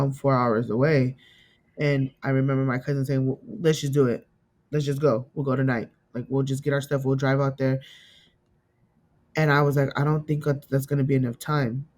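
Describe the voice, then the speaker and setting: In an interview, a middle-aged woman from California tells a painful personal story as a guest. She speaks in a steady, darkish bass voice, emotional and halting, often repeating herself and acting out what other people said.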